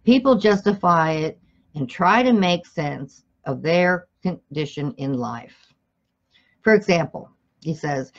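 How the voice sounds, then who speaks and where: A woman's voice: sits low, lively intonation, slow, lo-fi sound. A woman reading a self-help book aloud, stumbling and correcting herself now and then, and breaking off to speak straight to her listeners. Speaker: motivational reader.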